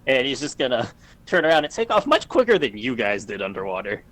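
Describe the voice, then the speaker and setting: A man narrating a tabletop game as game master, calmly describing the action and explaining the rules over voice chat. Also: medium pitch, brisk.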